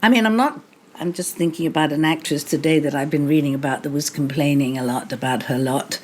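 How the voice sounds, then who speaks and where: A woman's voice: sits low, fairly quick, a little hiss or hum. An older English woman, a guest author at a live bookshop event, telling stories in a wry, anecdotal way and laughing often. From England. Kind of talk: live interview storytelling. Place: bookshop event before an audience.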